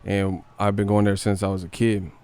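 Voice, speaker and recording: A man's voice: lowish voice, flat delivery, moderate pace, darkish tone, clean tone, no room sound, soft background music. A young man, hosting a casual live stream and talking in a slangy, profane way. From Northern California. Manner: slangy and profane, mocks with put-on voices and laughter.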